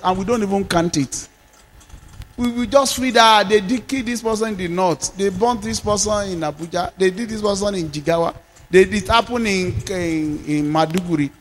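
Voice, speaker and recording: A Nigerian man preaching as a pastor, moving between shouted declarations and quieter storytelling. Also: high voice, in a large hall. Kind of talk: sermon.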